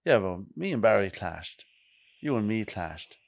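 A man's voice: on the low side, big pitch swings, a little slow, creaky, no room sound. A middle-aged Irish man on a podcast, wry and blunt, often dropping to a mutter. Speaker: guest. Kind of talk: casual podcast chat.

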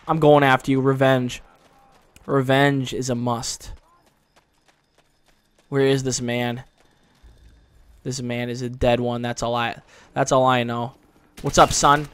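A man giving live gameplay commentary, excitable and trash-talking, with sudden frustrated outbursts. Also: medium pitch, normal speed, long pauses. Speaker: gaming channel host.

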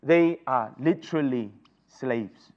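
A man's voice: medium pitch, takes it slowly, darkish tone. A man teaching a Bible study, often asking the group rhetorical questions. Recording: dull lo-fi recording.

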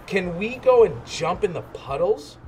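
A bouncy little girl piglet, bossy and full of excitement, as a man reading aloud puts her on high and lively. Her voice rises and swoops through each line of the storybook. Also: measured pace, slight background noise. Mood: eager.

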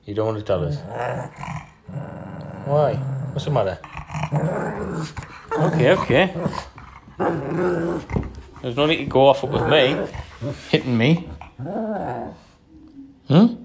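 A man's voice: medium pitch, expressive, a little slow, pauses often, noisy background. A man talking to his pet dog at home in a coaxing, sing-song tone. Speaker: pet owner.

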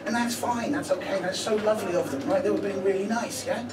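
A man from Brighton, a stand-up comedian telling a story on stage in a chatty way, swearing freely and checking in with "right?". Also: sits high, fairly even intonation, quick pace, distant mic, very noisy. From Brighton, England. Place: comedy stage before a live audience. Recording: roomy live venue taped from afar, loud audience laughter.

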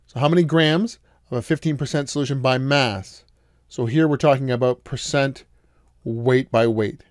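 A man's voice: medium pitch, moderate pace, no room sound. Patient man giving a dry math lecture. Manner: patient, explains step by step with questions to students. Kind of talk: recorded lecture.

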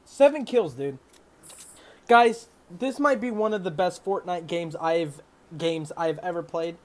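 A young man giving live gameplay commentary, boastful and hyped, yelling whenever he gets excited. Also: high voice, a little slow, a little hiss or hum. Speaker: gamer.

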